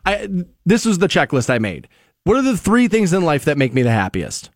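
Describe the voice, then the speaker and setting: Male radio host, rambling storyteller, slightly high voice, dry booth sound. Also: wildly swooping pitch, fairly quick, dry recording. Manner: rambling storyteller, many fillers and restarts. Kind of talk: casual morning radio chat. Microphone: studio microphone.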